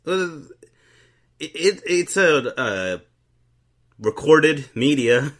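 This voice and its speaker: A man hosting a casual comedy podcast, animated and quick to laugh, often stumbling over his words. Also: on the high side. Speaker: podcast host.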